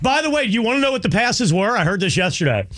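A man's voice: high-pitched, sing-song, quick pace, fairly bright tone. A man co-hosting a sports radio show, rambling and joking about sports.

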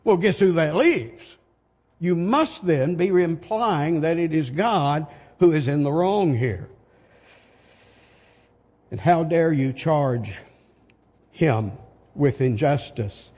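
A man's voice: fairly high pitch, expressive, takes it slowly, long pauses, darkish tone, slightly rough, in a large hall. An older man preaching a sermon, pressing his points with emphatic rhetorical questions.

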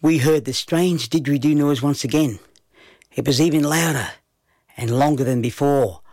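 A man telling a children's story in an unhurried storytelling manner. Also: on the high side, darkish tone, dry recording.

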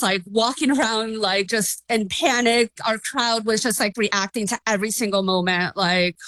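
A woman who runs a restaurant, talking in an interview about a match she watched, excited and gushing, quick to laugh. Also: fairly high pitch, dry recording. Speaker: restaurant owner and football fan. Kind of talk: phone interview.

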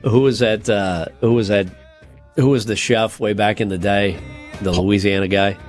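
A man's voice: fairly low pitch, fairly even intonation, moderate pace, faint music behind. Jokey man co-hosting a podcast. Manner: jokey, reads out survey results, breaks into silly voices and laughs. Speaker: podcast co-host. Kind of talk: casual comedic podcast chat.

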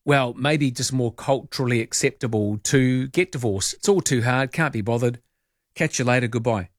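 Middle-aged kiwi guy hosting radio, mid pitch, jokey mock outrage, voice shoots up on questions, dry studio sound. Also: moderate pace, no echo. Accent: New Zealand. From New Zealand. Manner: playful, indignant tongue-in-cheek asides with sudden high pitch jumps. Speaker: radio host. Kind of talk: casual talk radio chat.

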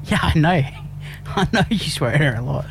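A man's voice: a little high, expressive, normal speed, gravelly, fairly bright tone, a little hiss or hum. A man, co-hosting a radio show, teasing dryly and hesitating with frequent ums. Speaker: radio co-host. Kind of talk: casual on-air banter.

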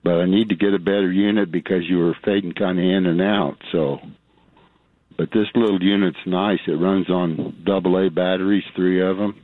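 An older retired man calls in to a radio show. His voice is very deep, and his answers are short, plain and tired. He comes through a thin, phone-like line with no room echo. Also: steady tone, normal speed. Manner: terse, tired, plain-spoken. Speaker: radio caller. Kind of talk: phoned-in call.

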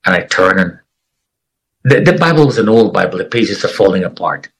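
Husky-voiced man telling his story. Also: deep voice, lively intonation, a bit bright, poor audio. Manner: earnest, emotional, with dramatic pauses. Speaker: interview guest. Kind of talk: personal testimony storytelling.

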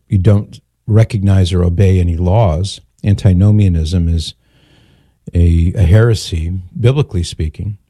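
A man's voice: sits low, mellow, no echo, studio quality. An older man, a grandfather, hosting a call-in radio talk show and lecturing emphatically on the issue. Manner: emphatic, lecturing, quotes others in mock voices.

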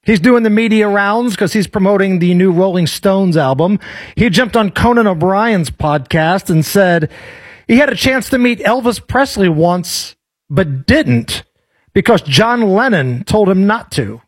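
High, wry-voiced joking co-host. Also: male voice, expressive, measured pace, dry recording. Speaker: radio co-host. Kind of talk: casual radio show banter. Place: radio studio.

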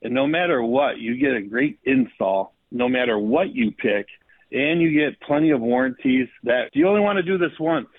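A man's voice: medium pitch, animated, normal speed, gravelly. A man representing a roofing company, speaking in earnest sales talk for a radio ad. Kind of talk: radio ad testimonial. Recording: tinny phone-like line.

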